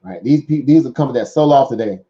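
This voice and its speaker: A Southern-accented man hosts a casual stock market show, speaking fast at a medium pitch with lively intonation and a dark tone. He rambles conversationally, packing in fillers and "right?" asides. The audio sounds dull.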